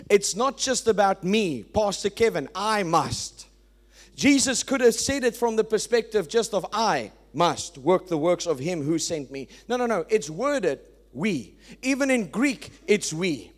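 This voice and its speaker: High-voiced preacher, emphatic. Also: male voice. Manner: emphatic preaching, swings from loud to quiet. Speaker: pastor. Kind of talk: sermon.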